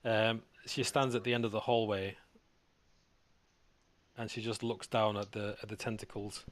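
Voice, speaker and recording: A man's voice: on the low side, level tone, normal speed. A man narrating as game master, laid-back, with many fillers.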